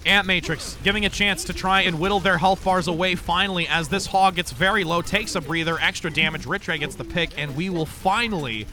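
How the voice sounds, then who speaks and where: A young man delivers live play-by-play commentary for a video game, sounding like a radio announcer. His voice is very bright and a little high, and he speeds up and gets louder as the fight heats up. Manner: radio-announcer delivery, hyped and fast when action builds. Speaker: streamer and game caster.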